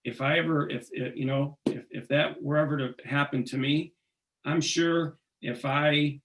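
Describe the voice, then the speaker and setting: A man being interviewed, talking earnestly and haltingly, often restarting his sentences. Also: fairly high pitch, fairly even intonation, a bit bright. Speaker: singer, interview guest. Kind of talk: casual interview conversation.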